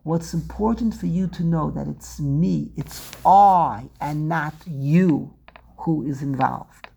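Slow, gravelly-voiced woman teaching. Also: low voice, mellow. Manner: asks rhetorical questions and repeats words while building a point. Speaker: Torah teacher. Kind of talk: lecture on Hebrew prayer and scripture.

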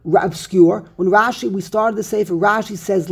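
Man teaching torah class, gravelly husky voice, emphatic, repeats himself. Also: sits high, normal speed, hardly any pauses. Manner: emphatic, animated, repeats words for stress. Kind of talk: Talmudic-style text study class.

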